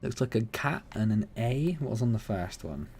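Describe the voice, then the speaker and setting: A man's voice: medium pitch, animated, moderate pace, vocal fry, a little mellow, husky, soft background music. Jokey man streaming a game. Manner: chatty, jokey, talks to viewers by name. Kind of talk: casual gameplay commentary.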